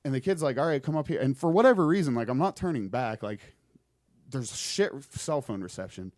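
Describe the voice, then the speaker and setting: A man's voice: mid-range voice, a little fast, no room sound, clean studio sound. Swearing young man telling a creepy story. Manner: rambling, swearing, animated retelling. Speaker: podcast guest. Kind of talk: casual storytelling.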